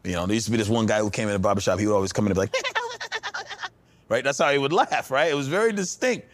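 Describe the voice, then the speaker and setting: Animated man telling barbershop stories. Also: lowish voice, very fast. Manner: storytelling, imitates people. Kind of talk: casual interview chat.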